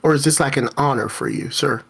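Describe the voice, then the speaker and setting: A man voicing an eccentric, effusive male traveler who talks slowly and gushes about rare creatures. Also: medium pitch, vocal fry, a bit bright, slightly rough. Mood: gushing. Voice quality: slow, drawn-out, gushing.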